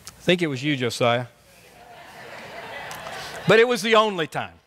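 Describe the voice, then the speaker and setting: A male pastor preaching a sermon with passion, dropping soft and then rising to shouts. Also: a little high, very animated, moderate pace, a little hiss or hum. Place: church sanctuary. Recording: long church reverb.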